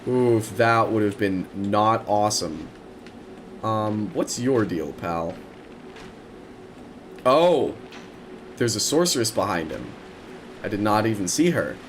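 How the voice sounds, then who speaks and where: A young man commentating his own video game run, excitable and prone to repeating words in rapid bursts. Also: fairly low pitch, slight background noise. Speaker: gaming streamer. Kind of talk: let's play commentary.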